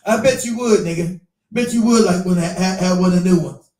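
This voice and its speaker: A man's voice: sits high, normal speed, darkish tone, reverberant, distant mic, poor audio. A man hosting a casual chat, retelling a story with lots of swearing, laughter and quoted voices. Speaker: show host.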